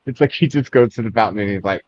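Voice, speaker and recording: A man co-hosting a casual book club livestream, playful and quick to laugh. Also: fairly low pitch, a little mellow, no echo, highs cut off. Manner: playful, laughs often, slips into silly voices. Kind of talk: casual chat.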